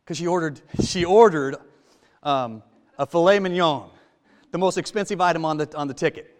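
A man preaching a sermon in a church, talking to the congregation with rhetorical questions and swinging from loud to hushed. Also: fairly high pitch, normal speed, pauses often, in a large hall. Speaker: lay preacher.

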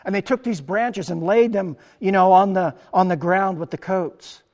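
A man preaching a sermon as pastor, animated, acting out the crowd's words in his talk. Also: sits high, moderate pace, long reverb tail. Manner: animated preaching, acts out quoted crowd lines.

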